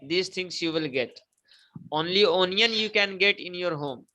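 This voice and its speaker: Man, teacher, classroom lecture, emphatic and repetitive, bright tone. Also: high voice, a little slow, rough recording. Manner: repetitive, emphatic, prompts students to repeat.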